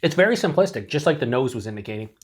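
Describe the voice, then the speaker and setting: A man's voice: mid-range voice, sing-song, racing, slightly rough. A man casually reviewing a beer on his own channel, rambling and mocking himself, with some swearing.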